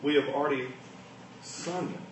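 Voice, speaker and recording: A man preaching a sermon, swinging between hushed asides and loud, emphatic lines. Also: on the high side, moderate pace, background noise. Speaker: pastor. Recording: echoey room, mic at a distance.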